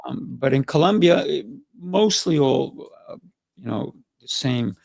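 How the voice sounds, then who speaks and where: A man with a gravelly, fry-edged voice talks easily as the host of a relaxed conversation, slipping in stories and asides. The sound is close and dry, with almost no room around it. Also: mid-range voice, measured pace, no echo. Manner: chatty, storytelling with asides. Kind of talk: casual interview chat.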